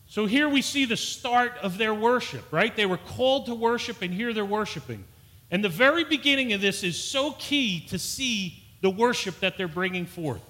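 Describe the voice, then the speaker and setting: Male pastor, earnest sermon delivery, bright tone with a slightly high pitch. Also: lively intonation, normal speed. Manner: earnest, repeats and restarts words, rises for emphasis.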